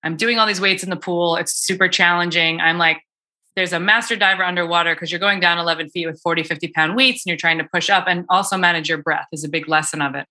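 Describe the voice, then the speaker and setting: A bright-voiced woman coach talks through cold exposure in a loose, chatty way, full of fillers and restarts. Her voice sits a little low for a woman. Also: steady tone, fast talker. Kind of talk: casual podcast conversation.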